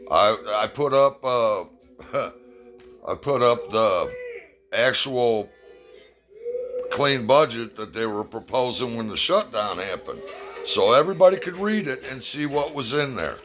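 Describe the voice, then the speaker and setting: A man's voice: mid-range voice, expressive, unhurried, over music. A man from the United States giving a blunt, profane opinion rant and telling a fable.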